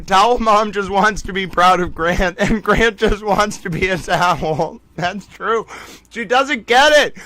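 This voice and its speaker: A man's voice: sits high, slow, sharp tone, no echo. A man hosting a casual livestream, playful and mock-dramatic, often breaking into laughter. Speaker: livestream host.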